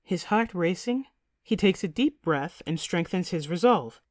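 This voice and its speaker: A woman narrating a fantasy audiobook in an even, measured way. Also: on the low side, no echo, studio quality. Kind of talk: scripted narration.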